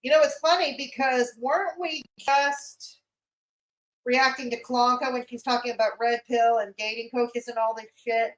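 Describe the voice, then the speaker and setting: Woman streamer, slightly high voice, mocking and blunt, profane live reaction chat. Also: fairly even intonation, normal speed, low-quality recording. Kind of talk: livestream reaction commentary.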